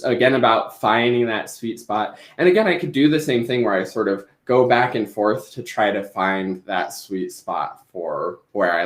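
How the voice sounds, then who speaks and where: A man's voice: medium pitch, roomy sound. A man teaching clarinet in a live-streamed lesson, explaining each step as he demonstrates.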